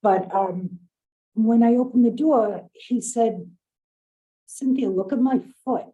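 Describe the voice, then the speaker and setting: A woman's voice: fairly high pitch, slow, phone-quality sound. A woman on a video call, earnestly telling a story from her work in a training session and quoting the people involved. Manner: earnest, quotes the dialogue of others. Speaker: program staff member in a training session.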